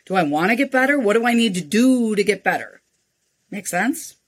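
An older woman, a nonprofit founder, speaking as an interview guest and telling frank, animated stories. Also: mid-range voice, normal speed. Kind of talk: interview storytelling.

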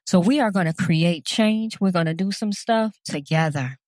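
A woman with a fairly low voice delivers an impassioned personal address. She speaks earnestly and with emphasis, repeating key phrases to drive her point home. The recording is dry and close, with no room echo. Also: normal speed, darkish tone.

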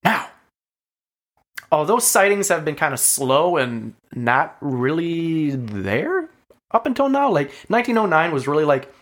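Man, podcast co-host, animated pitch, casual storytelling, swears and laughs a lot. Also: unhurried. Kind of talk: casual chat, reading a story.

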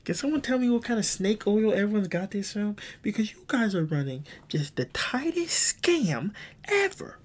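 Podcast dude rambling through a story, lots of restarts, swears here and there. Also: male voice, sits high, very animated, moderate pace. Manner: swears casually. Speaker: podcast host. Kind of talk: casual chat.

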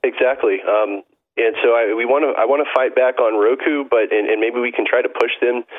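A man calling in as a guest, explaining things casually and haltingly, with many ums and uhs. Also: medium pitch, steady tone, no room sound. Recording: tinny phone line.

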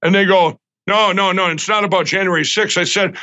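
A man's voice: sits high, fairly even intonation, a little fast, sharp tone, dull audio. A middle-aged man telling a story in an interview, agitated and acting out the dialogue with many restarts. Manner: agitated, acts out quoted dialogue, frequent restarts. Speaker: guest recounting an event.

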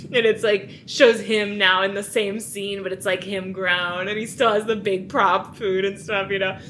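A woman's voice: mid-range voice, steady tone, moderate pace, a bit bright, slight background noise. A woman co-hosting a podcast in casual chat, talking loosely with lots of "like" and laughing easily. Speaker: podcast co-host.

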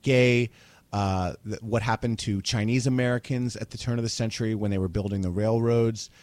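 A man's voice: fairly low pitch, steady tone, normal speed, darkish tone, no room sound. A man in his forties from New Jersey, co-hosting a podcast in casual chat, chatty and irreverent, swearing freely. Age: 40s. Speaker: podcast co-host.

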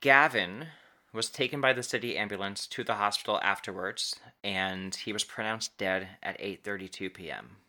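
A male podcast host with a low, bright voice tells stories casually, slowing down to stress key words. His speech is halting, with restarts and stretched emphasis.

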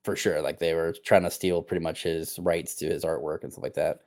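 A man appearing as a podcast guest, talking in easygoing, halting casual chat with lots of fillers. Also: rumbling low, level tone, a little mellow, no echo, clean studio sound. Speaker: podcast guest and host of other shows.

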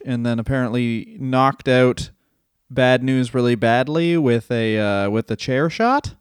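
A man's voice: mid-range voice, measured pace, smooth, dry recording, studio quality. A man co-hosting a comedy podcast, telling stories in a sarcastic, profane, casual way. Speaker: podcast co-host.

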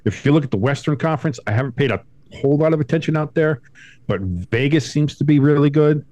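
A man co-hosting a casual sports podcast from home, talking in an animated, profane way and mocking others in high put-on voices. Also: quick pace, no echo. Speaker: podcast co-host.

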